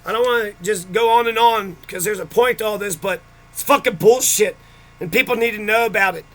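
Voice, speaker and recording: A man's voice: high voice, brisk, a bit bright. A man in a bitter, profane personal rant about his childhood, speaking straight to the camera. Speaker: vlogger.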